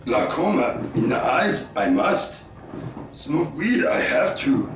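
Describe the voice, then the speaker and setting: A man putting on a goofy impression of a wise little old green alien master who speaks with reversed word order, slow and breathy. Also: medium pitch, big pitch swings. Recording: roomy, distant mic, loud noise.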